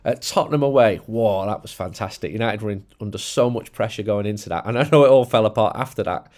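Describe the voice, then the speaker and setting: A man hosting a casual football podcast in a studio, jokey and excitable, laughing often. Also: on the low side, fast talker. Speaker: podcast host. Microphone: studio mic.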